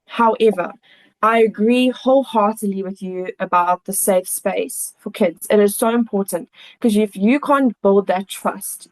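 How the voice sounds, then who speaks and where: A woman's voice: medium pitch, rough recording. A woman guest on a podcast, a children's coach, speaking earnestly and thoughtfully in casual conversation.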